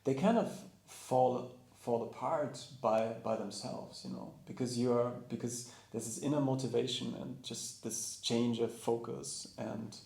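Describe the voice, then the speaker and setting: A man's voice: mid-range voice, steady tone, unhurried, gravelly, hardly any pauses, dark tone, reverberant. A man, a yoga teacher and co-host, talking in a reflective, hesitant way with many restarts in casual conversation.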